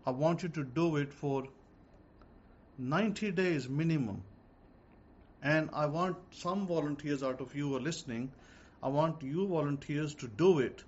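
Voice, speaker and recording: Male religious teacher, informal and repetitive, slightly high voice, dull lo-fi audio. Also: breathy edge. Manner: repetitive, slow and deliberate when dictating words. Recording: dull lo-fi audio with faint noise.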